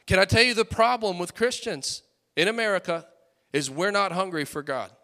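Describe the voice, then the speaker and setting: Fiery high-voiced young preacher. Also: male voice, moderate pace. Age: late 20s. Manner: fiery, rising to loud peaks, then dropping to storytelling asides. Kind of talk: sermon.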